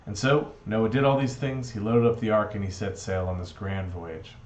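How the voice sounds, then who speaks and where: A man's voice: lowish voice, fairly even intonation, moderate pace, darkish tone, a little hiss or hum. A man giving a storytelling reflection, playful and earnest. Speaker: speaker giving a Shabbat reflection. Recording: dull echoey room recording.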